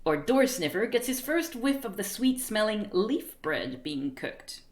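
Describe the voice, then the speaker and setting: A woman streamer reads a book aloud on a live stream with a lively pitch that rises and falls a lot. She keeps breaking into giggles and chatty asides and trips over unfamiliar words. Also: unhurried.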